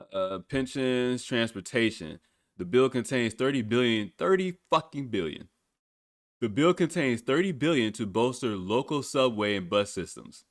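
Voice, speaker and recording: A man's voice: medium pitch, dry recording, clean studio sound. A young man hosting a solo political podcast, sarcastic and profane, often breaking into laughter. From United States. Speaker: podcast host.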